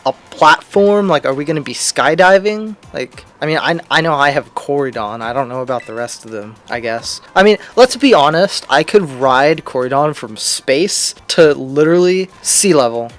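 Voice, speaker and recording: A man's voice: a little high, animated, moderate pace, few pauses. A young man giving casual gameplay commentary with joking, rambling asides. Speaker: let's play host.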